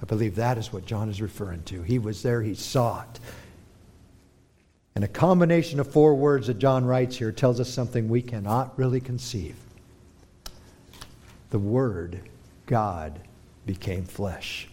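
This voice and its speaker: Male preacher, mid-range voice, dramatic sermon delivery with hushed lows and forceful peaks. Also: moderate pace, pauses often. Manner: dramatic, swings between hushed and forceful emphasis.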